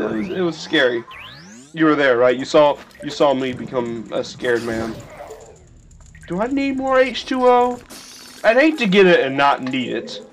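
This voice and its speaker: Young guy rambling through a game playthrough, goofy jokes, voice goes up and down a lot, slightly high, soft game music under it. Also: unhurried. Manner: rambling, jokey, excitable yelps. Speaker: let's play host. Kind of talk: casual gameplay commentary. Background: faint video game music.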